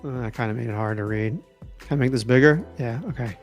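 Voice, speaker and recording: A man chatting casually on a livestream and answering viewer questions, excitable and rambling. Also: mid-range voice, a little fast, soft background music. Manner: rambling and excitable, trailing off and restarting. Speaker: tech YouTuber answering live chat.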